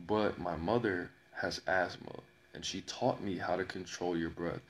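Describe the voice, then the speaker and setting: A man telling a personal story in a slow, dramatic way, repeating phrases and pausing often. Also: sits low, a little hiss or hum. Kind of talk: personal story told to camera.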